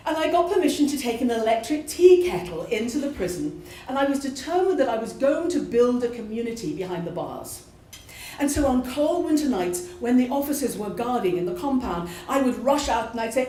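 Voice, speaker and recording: Animated British woman telling a story. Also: a little high, a little fast. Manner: animated, expressive. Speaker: prison chaplain. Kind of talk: live personal storytelling. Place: pub venue at a live storytelling show. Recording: echoey room from a live show.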